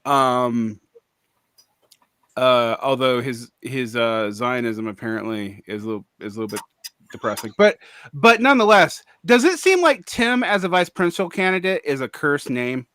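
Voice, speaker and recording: A man's voice: mid-range voice, sing-song, normal speed, bright, forceful tone, no echo. A man co-hosting a casual political podcast, talking in a wry, hesitant way with many fillers. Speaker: podcast co-host.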